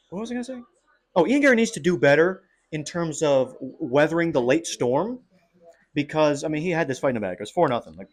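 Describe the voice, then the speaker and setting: A young man giving a casual, excitable fight breakdown, full of slang and swearing. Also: on the high side. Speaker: MMA commentator.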